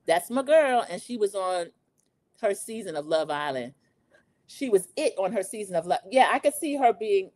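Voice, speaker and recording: A woman hosts a casual podcast recap of a TV show. She is chatty and animated, and she talks straight to her listeners. Her voice sits at a middle pitch, and the sound is dry and close. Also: dry recording. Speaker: podcast host.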